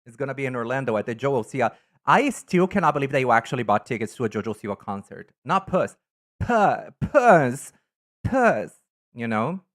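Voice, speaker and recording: A campy, animated man talks casually on a live stream and greets his viewers by name. His voice sits at a middle pitch but swoops up and down with lively intonation. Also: normal speed. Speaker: live streamer reading chat. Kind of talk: casual live-stream chat ranking items.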